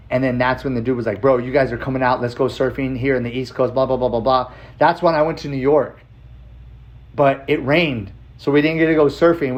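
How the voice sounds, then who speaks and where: Guy on his podcast telling a story, swears a lot, says like constantly, kinda muffled audio. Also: mid-range voice. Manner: loose and profane, with frequent "like" fillers. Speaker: podcast host. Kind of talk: casual storytelling monologue.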